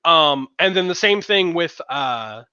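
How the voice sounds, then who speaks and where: A man's voice: fairly high pitch, lively intonation, measured pace, bright, forceful tone, clean tone, no echo, lo-fi sound. A man co-hosting a podcast in casual chat, rambling with fillers and restarts. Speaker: podcast co-host.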